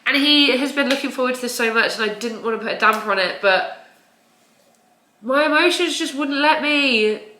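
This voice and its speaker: A woman's voice: high-pitched, normal speed, pushed and bright, a little hiss or hum. A young woman talking to her camera at home in a rambling, confessional vlog, laughing nervously and swearing now and then. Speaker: vlogger. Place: home, indoors. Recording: echoey room.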